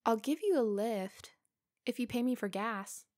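Woman playing a brash big hunter guy, blunt, gruff, casual, slow, dry close sound. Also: fairly high pitch, lively intonation, a little mellow, no echo. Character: big, brash male hunter driving a truck.

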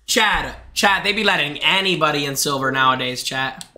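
High, sharp-voiced excitable young streamer man. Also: normal speed, slight background noise. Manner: excitable, shouty, talks to chat. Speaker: gaming streamer. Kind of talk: live game commentary.

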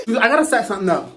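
A sassy young woman chatting casually into a hand-held phone in her bedroom. She talks in slang and laughs a lot. Her voice sits a little high and swings lively up and down. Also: slight background noise. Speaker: vlogger. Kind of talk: casual chat to camera.

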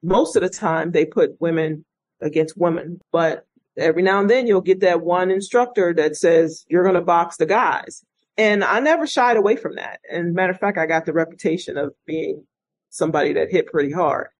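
A woman's voice: fairly low pitch, normal speed, dry recording, rough recording. A middle-aged woman, an interview guest, telling her life story in an earnest, reflective way. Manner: earnest, reflective, animated when quoting others. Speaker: interview guest, retired state police officer. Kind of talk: conversational storytelling.

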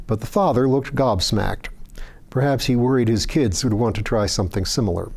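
A man hosting a book reading, narrating fiction in a steady, even storytelling voice. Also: mid-range voice. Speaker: reader.

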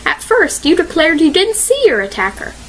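A woman's voice: very high-pitched, big pitch swings, normal speed, slight background noise, pitched above the performer's own voice, full character voice. A woman voicing a determined young female detective who speaks soothingly but firmly. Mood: steady. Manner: soothing, firm. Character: determined young woman sleuth, calm and kind.

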